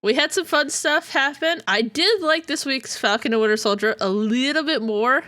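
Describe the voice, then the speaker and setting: A woman's voice: sits high, normal speed, bright, forceful tone, no echo, studio quality. A woman co-hosting a podcast, chatting casually and rambling with lots of fillers. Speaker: podcast co-host. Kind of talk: casual chat.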